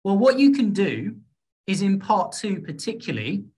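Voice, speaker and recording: A man with a British accent giving an online exam-prep speaking workshop in a lively, encouraging way, often checking in with the class. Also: high-pitched, moderate pace. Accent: British English. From Britain. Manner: lively, encouraging, checks in with "okay?" and "all right?". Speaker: IELTS speaking teacher.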